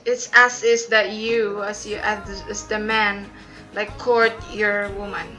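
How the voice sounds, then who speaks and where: Slow-talking woman with a bright voice. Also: mid-range voice, flat delivery, soft background music, poor audio. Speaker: reaction video co-host. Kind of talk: casual live commentary.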